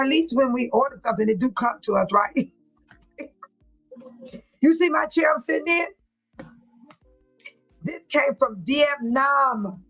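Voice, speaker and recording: A woman's voice: sits high, breathy edge, rough recording. A woman hosting a casual livestream, talking emphatically and preachily, repeating herself and laughing often as she reads viewer chat.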